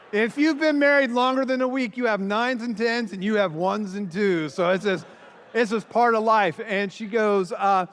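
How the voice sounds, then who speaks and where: A man's voice: high-pitched, a bit bright, slight background noise. A man speaking as a pastor at a conference, telling a story with lots of energy and acting out the lines he quotes. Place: large hall before an audience. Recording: long reverb of a large hall.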